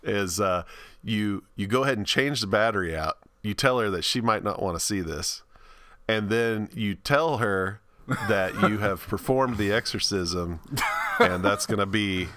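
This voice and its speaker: A man's voice: lowish voice, a little slow, pushed and bright. A man who used to be a pastor, chatting casually on a podcast and joking with a laugh in his voice. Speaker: podcast co-host, former pastor. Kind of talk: casual chat.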